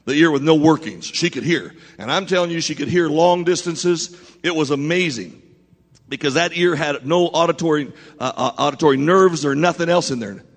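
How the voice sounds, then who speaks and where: A man preaching a sermon, telling a story to his congregation in an animated way with frequent restarts. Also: fairly high pitch, moderate pace. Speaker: pastor. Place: church. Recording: long hall reverb.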